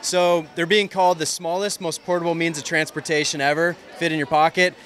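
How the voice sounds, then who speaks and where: A man giving an excited, nonstop pitch for his product. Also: brisk. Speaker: product demonstrator.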